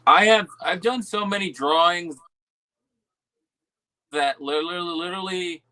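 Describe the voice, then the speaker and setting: A man as a guest in a casual podcast chat, hesitant and halting with many fillers. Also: sits high, pushed and bright.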